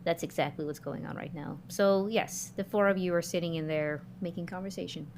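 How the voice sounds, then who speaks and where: A woman's voice: on the low side, steady tone, fairly quick, creaky, a little mellow, a little hiss or hum. A woman chatting and playing a character in a tabletop role-playing game, giggly and prone to interrupting herself. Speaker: tabletop player.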